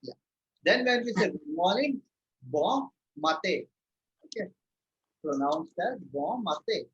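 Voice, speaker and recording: A man teaching a live online French lesson, patiently repeating words slowly for his students. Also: high voice, lively intonation, a bit bright, husky, muffled recording.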